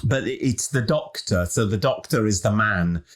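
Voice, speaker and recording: A man's voice: fairly low pitch, normal speed. A man co-hosting a podcast, chatting casually and jokily about a film, retelling its scenes. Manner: chatty, jokey, animated retelling. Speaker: podcast co-host. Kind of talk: casual film review chat.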